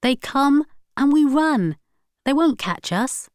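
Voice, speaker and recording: A woman's voice: high voice, lively intonation, slow pace, darkish tone, no room sound, studio quality, pitched above the performer's own voice. A woman voicing a cocky, restless teenage boy who leads a gang, brash and dismissive, in a read-aloud story.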